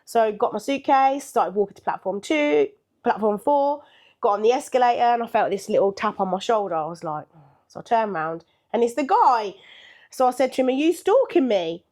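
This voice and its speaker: A woman's voice: on the high side, expressive, brisk, darkish tone. An older woman, a podcast co-host, telling a story in casual chat with a chatty manner, laughing often and acting out what people said.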